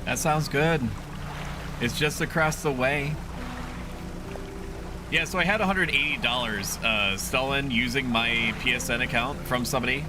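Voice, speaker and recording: A man's voice: medium pitch, normal speed, pauses often. A man streaming a video game, chatting casually with his viewers, rambling through asides and swearing freely. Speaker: VTuber streamer. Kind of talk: casual gameplay livestream chat. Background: game music.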